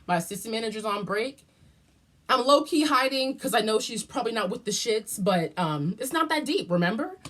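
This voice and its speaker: A woman vlogger telling a story in a casual, profane and dramatic way, jumping up and down in pitch. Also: brisk. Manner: animated, profane and dramatic, with big jumps in pitch.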